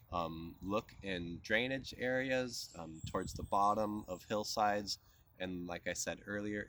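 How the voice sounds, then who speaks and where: A man's voice: low voice, a bit bright, slight background noise. A man presenting a tutorial outdoors at a plant patch, explaining step by step in an easygoing way. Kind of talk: casual outdoor teaching.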